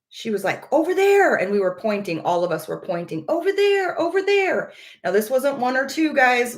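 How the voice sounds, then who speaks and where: A woman casually telling viewers about a personal experience. She speaks earnestly, searches for words and repeats phrases as she goes. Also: medium pitch. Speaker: vlogger.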